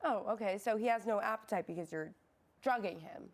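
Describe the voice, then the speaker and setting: An actress playing a therapist who questions her patients in a measured, dry and probing way, in a comedic student film. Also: mid-range voice, natural voice. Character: patient, increasingly exasperated woman therapist.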